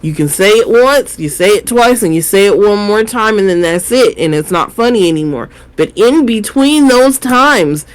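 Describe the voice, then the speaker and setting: A man co-hosting a relaxed review chat, with a mid-range voice. He talks animatedly, repeating and rephrasing his points to drive them home. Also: high voice, moderate pace, few pauses, clean tone, rough recording. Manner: animated, explaining with repetition. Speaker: podcast co-host.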